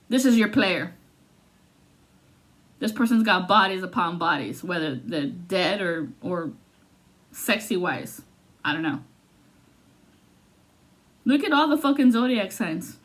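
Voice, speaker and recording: A woman giving a casual, profane tarot reading, swinging between loud outbursts and low muttering. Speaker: tarot reader.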